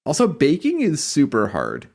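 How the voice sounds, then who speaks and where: A man's voice: on the high side, wildly swooping pitch, normal speed, creaky, a little mellow. Give me a wry man swearing offhandedly in a casual podcast chat. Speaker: podcast co-host.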